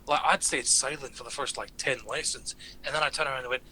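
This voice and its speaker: A man's voice: medium pitch, quick pace, few pauses, slight background noise. A British man chatting casually as a player at a tabletop game, telling jokey stories. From Britain. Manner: animated storyteller, jokey.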